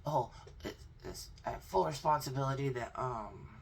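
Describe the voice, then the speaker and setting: A woman's voice: very deep voice, moderate pace, gravelly, breathy edge. A young woman giving a blunt, sarcastic, profane crypto commentary vlog. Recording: distant mic with faint background noise.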